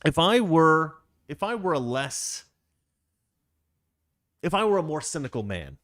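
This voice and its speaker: Speaking in a sing-song voice that sits on the high side, this middle-aged political talk show host keeps a measured pace and a fairly bright tone. His casual commentary is rambling and wry, full of self-interruptions and restarted sentences, recorded in a clean studio with no echo.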